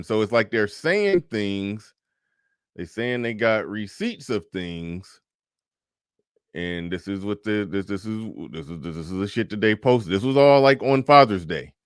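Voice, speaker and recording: A man's voice: lowish voice, fairly bright tone, clean tone, no echo, studio quality. A man hosting a reaction commentary, casual and profane, speaking. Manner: casual, profane, reads posts aloud in changing voices. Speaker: commentary host.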